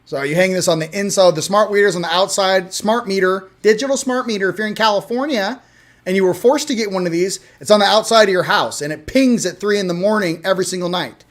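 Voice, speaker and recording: A man hosting a casual livestream, chatting loosely, shouting out viewers and showing products. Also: high-pitched, fast. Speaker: host.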